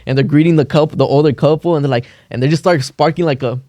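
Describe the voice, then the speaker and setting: A man co-hosting a podcast, telling stories in an animated, slangy way and acting out quotes. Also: on the high side, fast talker, no echo, clean studio sound. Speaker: podcast co-host. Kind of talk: casual storytelling chat.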